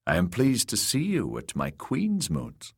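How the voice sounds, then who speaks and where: A man's voice: fairly low pitch, huge pitch swings, measured pace, gravelly, a little mellow, breathy edge, heavily acted. A man reading an audiobook, voicing a confident young woman warrior who teases her uncle. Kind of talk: audiobook character voice.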